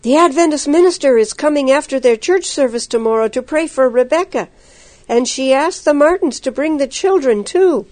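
A woman voicing a nervous young village girl who stammers and rushes. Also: high voice, lively intonation, darkish tone, voice pushed up. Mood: urgent. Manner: stammering, breathless.

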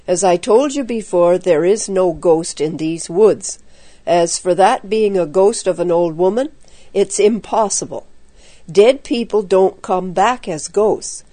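Woman voicing a calm confident young man, slow, mellow, reassuring, storybook reading. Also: on the low side, no echo. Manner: steady, reassuring, explanatory.

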